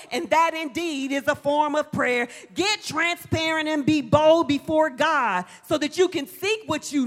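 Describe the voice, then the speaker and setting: A woman preaching a sermon with passion, firing off rhetorical questions and building up to shouts. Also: high-pitched, big-room sound.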